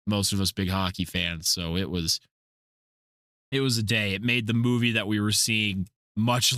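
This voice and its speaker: In clean studio sound with no room tone, a man with a lowish, fairly bright voice hosts a laid-back podcast. He's a profane storyteller who rambles through his anecdotes and curses freely.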